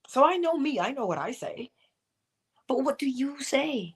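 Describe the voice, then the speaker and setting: A middle-aged woman leads a morning inspirational livestream, giving a motivational talk with pointed questions and playful asides to herself. Her voice is high-pitched and sing-song at a moderate pace, and the sound is slightly rough.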